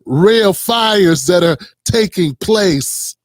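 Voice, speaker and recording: A man's voice: high-pitched, lively intonation, very slow, dry recording, clean studio sound. A man hosting casual political reaction commentary, mocking and slangy, sometimes putting on voices.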